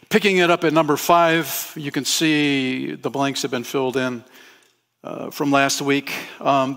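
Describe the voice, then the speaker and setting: A man's voice: medium pitch, fairly bright tone. A man as pastor, preaching a conversational sermon to his congregation in a church and asking them questions. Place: church sanctuary.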